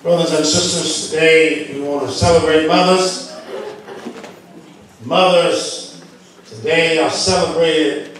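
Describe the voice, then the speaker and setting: A male pastor with a Southern US accent, reading scripture slowly and then preaching with rising emphasis in a church. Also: on the high side, steady tone, slight background noise. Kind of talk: sermon. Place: church sanctuary. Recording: echoey hall, distant mic.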